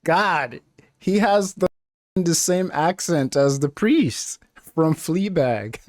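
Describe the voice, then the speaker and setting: A man's voice: a little high, lively intonation, takes it slowly, darkish tone, no room sound, studio quality. A man hosting a reaction video, joking and laughing often at the show. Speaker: reaction channel host. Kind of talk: casual reaction commentary.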